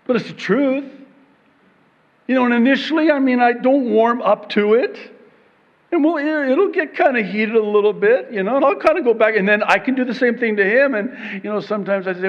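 A man preaching a sermon in an animated way, acting out short exchanges and laughing between points. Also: high-pitched, normal speed, in a large hall, muffled recording. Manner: animated, acts out little dialogues with laughs. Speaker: pastor.

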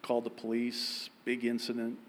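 A man preaching a sermon, telling everyday stories in a lively way and laughing at himself. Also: medium pitch, normal speed. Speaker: pastor.

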